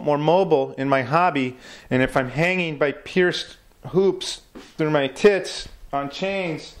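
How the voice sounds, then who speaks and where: Profane rambling man. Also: mid-range voice. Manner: profane, laid-back and rambling. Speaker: comedian. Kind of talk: rambling stand-up monologue.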